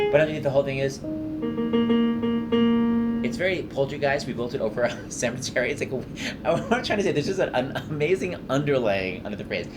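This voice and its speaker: A man hosting a commentary on a musical, effusive and excitable, rambling with fillers as he explains what he loves. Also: mid-range voice. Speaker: show host explaining a musical. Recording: voice-over over loud show music. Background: loud cast recording and orchestra.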